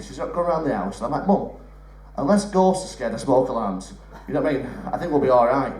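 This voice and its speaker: A man's voice: mid-range voice, animated, quick pace, a little mellow, far from the mic. A young man doing live stand-up comedy on a theatre stage, chatty and teasing the crowd, swearing freely. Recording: roomy theatre sound from off-mic.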